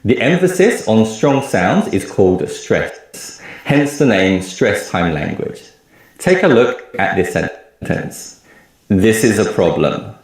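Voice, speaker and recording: A man teaching a recorded lecture, explaining clearly and repeating example words slowly. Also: lowish voice, very animated, very echoey. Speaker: language teacher.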